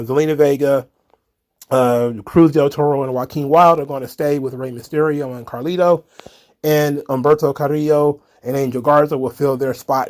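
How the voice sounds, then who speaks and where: This wrestling commentary host has a mid-range, darkish voice and talks alone in a relaxed style. His opinions come out in a rambling stream full of fillers and false starts.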